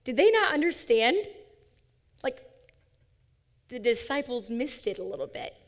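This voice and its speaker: A woman's voice: high-pitched, very animated, unhurried, in a large hall. A woman giving an interactive sermon to a live audience, upbeat and playful as she coaxes them to take part. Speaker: young adult ministry speaker.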